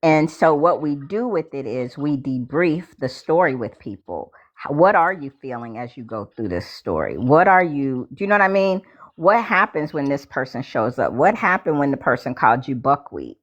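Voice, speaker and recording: Low-voiced animated woman, dull audio. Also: moderate pace. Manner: animated storyteller, addresses listeners as y'all. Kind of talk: casual chat.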